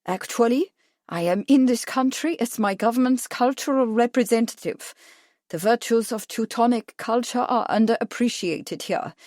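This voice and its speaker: A woman's voice: fairly high pitch, moderate pace, darkish tone, no room sound, clean studio sound, voice pushed up, close to an everyday voice. A woman reading a suave aristocratic count. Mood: smooth. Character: suave monocled Bavarian count, aristocratic man.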